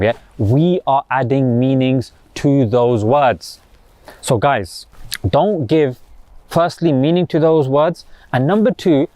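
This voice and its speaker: A man gives a motivational talk to camera, animated and slangy, firing off rhetorical questions. His voice sits a little high and the sound is close and dry, with no room around it. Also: no echo. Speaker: host.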